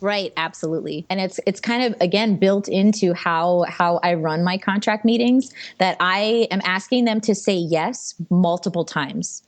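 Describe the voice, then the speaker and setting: A chatty woman photographer talks through her work in an easy, unscripted way, leaning on "you know" and quick restarts. Her voice sits a little low, and the sound is close and dry with no room around it. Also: no room sound. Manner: chatty, frequent fillers and restarts, laughs easily. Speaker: wedding and portrait photographer, guest. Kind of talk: casual interview answers.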